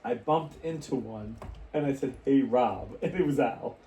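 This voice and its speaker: A man's voice: mid-range voice, normal speed, mellow, recorded from a distance. A man co-hosting a podcast in casual chat, telling rambling stories with restarts and laughs. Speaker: podcast co-host. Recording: echoey room, away from the mic.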